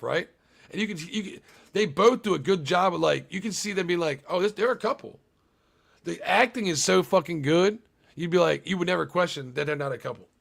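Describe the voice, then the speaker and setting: His voice is high, creaky, and a bit bright as this young man goes over a movie on a casual stream. He swears freely, rambles on, and chats with his viewers.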